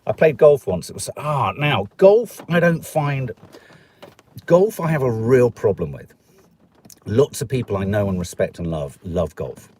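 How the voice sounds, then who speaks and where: A middle-aged host from Stoke-on-Trent, England, reads viewer comments on a live stream in a sing-song, measured, slightly mellow mid-range voice over slight background noise. He's chatty, rambling, and jokey, putting on voices for the people he quotes.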